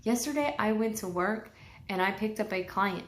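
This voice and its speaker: In a personal vlog, a woman talks candidly and casually, swearing freely and getting emotional, tearful at times. Her mid-range voice is animated and moderately paced, and the room sounds echoey.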